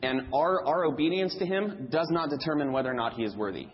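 A man's voice: a little high, fast, in a large hall, lo-fi sound. A man preaching a sermon in a church, emphatic and repeating key phrases for stress.

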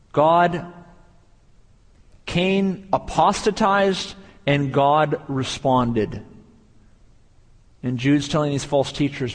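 A man's voice: on the high side, in a large hall. A man preaching a sermon as pastor, building emphasis through repeated phrases.

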